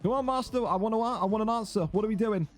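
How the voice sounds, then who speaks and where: A man's voice: high voice, fast talker, music in the background. An exasperated, sarcastic man, ranting and swearing as a streaming league host. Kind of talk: ranting livestream commentary.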